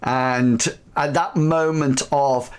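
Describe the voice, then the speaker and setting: A man narrating a tabletop game as game master, halting with frequent fillers. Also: medium pitch, fairly even intonation, smooth.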